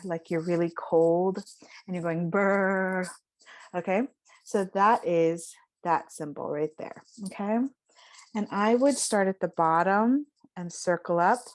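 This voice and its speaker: Slow, low-voiced woman teaching a lesson. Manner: slow and explanatory, frequent fillers, stretches out example words. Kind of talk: casual spoken lesson.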